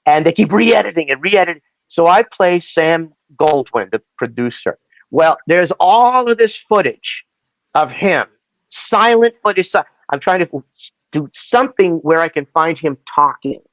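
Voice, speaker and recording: Chatting as a guest in a casual interview, a male actor rambles through stories and slips into voices with animation. His voice is fairly high and unhurried, captured in lo-fi audio with no room sound.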